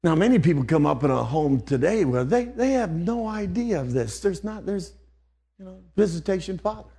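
A man's voice: high voice, very animated, moderate pace, dark tone. An older man preaching an old-fashioned sermon, dropping to near whispers and then rising to fervent outbursts.

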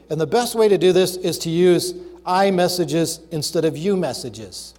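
A man delivering a sermon with a fairly high pitch for a man, emphatic and orderly as he works through numbered points. He slows down to stress his key phrases. His voice carries a long reverb, as if he is in a large hall. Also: very animated, darkish tone. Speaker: preacher.

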